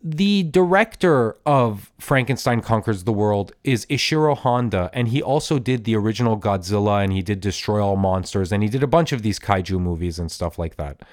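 Rambling, excitable man on a podcast. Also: on the low side, normal speed, few pauses, no room sound, clean studio sound. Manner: rambling, with many restarts and asides; enthusiastic fan. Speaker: podcast host. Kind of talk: casual solo podcast monologue.

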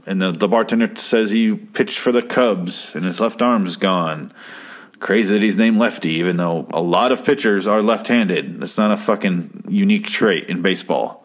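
A man with a fairly low voice talks through an old TV episode in loose, profane commentary. He is sarcastic and rambling, and slips into the characters' lines as he quotes them. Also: moderate pace. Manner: sarcastic, rambling, swears freely, acts out quotes. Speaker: podcast host reviewing an old TV episode.

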